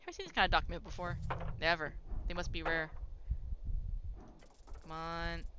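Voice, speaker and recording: Relaxed woman streaming a game. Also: on the low side, fast talker, noisy background. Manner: relaxed, reads game dialogue aloud. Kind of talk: casual game commentary. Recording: slightly dull stream audio with game music.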